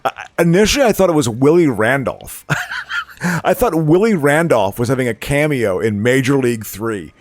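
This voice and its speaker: A man's voice: medium pitch, lively intonation, normal speed, no echo. A man from the Chicago area hosting a podcast, rambling and laughing often as he chats. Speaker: podcast host. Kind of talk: casual chat.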